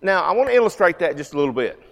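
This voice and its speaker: A man's voice: sits high, very animated, rapid-fire, creaky, fairly bright tone. A man in his fifties teaching a church Bible class in a conversational way, asking the audience questions. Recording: long hall reverb.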